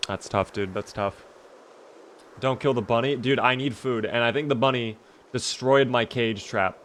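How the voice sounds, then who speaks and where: A man's voice: mid-range voice, moderate pace, a little hiss or hum. Chatty man streaming a game. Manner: chatty, talks to chat, bursts of excitement. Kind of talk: live game commentary.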